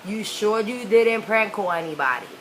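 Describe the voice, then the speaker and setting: A woman's voice: medium pitch, lively intonation, normal speed, slight background noise, lightly acted. A woman voicing her strict mother, who questions and scolds her daughter firmly and swears. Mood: scolding. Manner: firm, interrogating, swearing.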